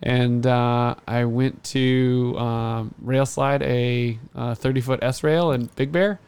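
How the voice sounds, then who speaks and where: A man in his thirties telling a long story on a casual podcast, acting out the other people's lines loudly. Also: mid-range voice, slow pace, clean tone. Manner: animated storyteller, acts out quotes loudly. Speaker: podcast host.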